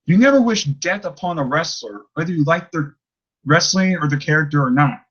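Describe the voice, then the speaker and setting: A man's voice: fairly high pitch, lively intonation, normal speed, a bit bright, slightly rough, muffled recording. A man ranting in a casual vlog, rambling and exasperated, with many restarts and fillers. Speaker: YouTuber ranting about a commenter.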